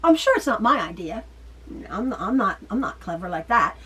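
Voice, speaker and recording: A middle-aged woman chatting through a home sewing tutorial, talking quickly and rambling with fillers and restarts. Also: mid-range voice, very animated, fairly bright tone, husky, recorded from a distance. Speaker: quilting teacher. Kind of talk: casual sewing tutorial chat.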